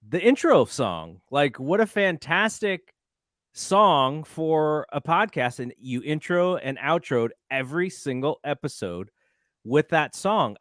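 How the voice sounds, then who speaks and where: A man's voice: on the high side, fairly bright tone, no echo, studio quality. A man hosting a casual podcast chat, friendly and appreciative as he asks his co-host questions.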